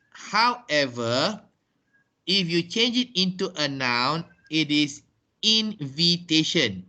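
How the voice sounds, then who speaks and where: A man teaching English pronunciation in an online lesson, talking slowly and deliberately and repeating words. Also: a little high, pushed and bright.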